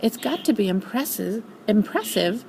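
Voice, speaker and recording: A woman's voice: medium pitch, animated, normal speed, gravelly, darkish tone, slight background noise, poor audio. An older woman voicing a gleeful, eager male gopher who repeats himself emphatically in a storybook reading.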